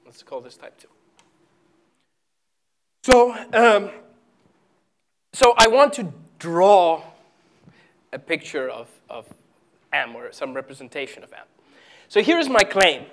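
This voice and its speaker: A man giving a live math lecture at a board, talking haltingly with many fillers and restarts. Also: high-pitched, sing-song, fairly bright tone. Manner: halting, full of fillers and restarts while writing. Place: lecture hall.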